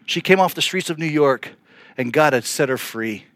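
A middle-aged male pastor telling a story in a sermon, earnest and animated, with frequent restarts. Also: a little high, normal speed, no echo, studio quality.

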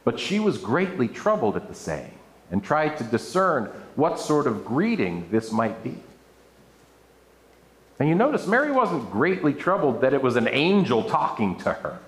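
A man's voice: medium pitch, very animated, moderate pace. A man preaching a sermon to a room, reading scripture aloud and adding playful asides. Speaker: pastor. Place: church room with an audience. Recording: echoey room.

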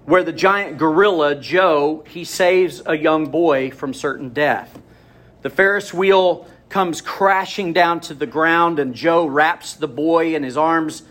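Male pastor, slightly high voice, conversational sermon storyteller with asides to the room. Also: fairly bright tone.

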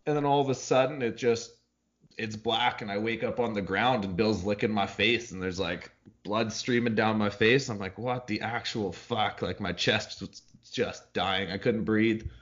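A man's voice: lowish voice, normal speed, a bit bright, highs cut off. A man telling a story on a casual podcast in a laid-back, profane way, often laughing. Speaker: podcast co-host.

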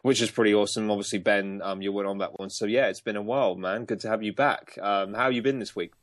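A man chats his way through a gaming news podcast, loose and rambling, full of ums and restarts. His voice sits on the low side. The recording is close and completely dry, with no room sound. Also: steady tone, quick pace, dry recording. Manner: chatty, many ums and restarts, laughs easily. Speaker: podcast co-host. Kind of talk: casual gaming podcast chat.

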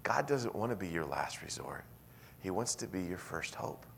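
A man pastor preaching a sermon in a church, telling a story with animated swings from hushed, intimate lines to loud, emphatic ones. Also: sits low, moderate pace, creaky, a little hiss or hum.

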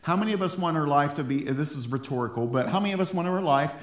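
A man preaching a sermon in a church, fired up and stumbling over his words in quick restarts. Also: fairly high pitch. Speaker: pastor. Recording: roomy echo in a church.

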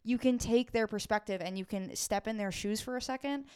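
A woman's voice: on the high side, brisk, clear, resonant tone. A young woman co-hosting a podcast, speaking in an encouraging, affirming way in casual chat. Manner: warm-hearted, encouraging, affirming. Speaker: podcast co-host.

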